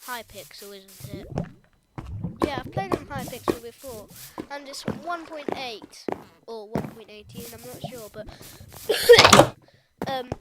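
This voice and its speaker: High-voiced British woman, rambling vlog chat. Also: lively intonation, slow, pauses often. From United Kingdom. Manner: rambling, hesitant, self-correcting with many ums. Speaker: YouTuber. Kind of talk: casual gaming vlog chat. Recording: loud background noise.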